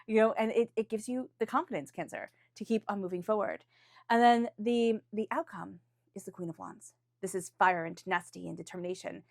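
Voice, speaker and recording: A woman at medium pitch talks a listener through a weekly tarot spread, earnest and encouraging. She restarts her phrases as she searches for words. Now and then she slips into a chanted call to angels and spirit guides, recorded close and dry with no room sound. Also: a little fast, vocal fry, no room sound. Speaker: tarot reader. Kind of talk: weekly tarot reading, spoken off the cuff.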